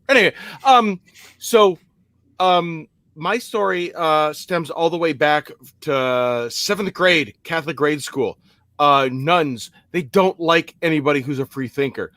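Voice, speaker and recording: A man's voice: on the high side, takes it slowly, fairly bright tone, no echo. A man in his forties telling a personal story on a podcast, hesitant and self-deprecating with many fillers, over a remote call mic. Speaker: podcast guest. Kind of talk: personal story in casual chat.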